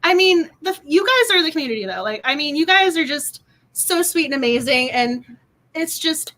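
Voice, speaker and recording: Young woman, book club host, high and bright, gushing casual chat. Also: big pitch swings, moderate pace. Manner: bubbly, gushing, laughs often. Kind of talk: casual live-stream chat.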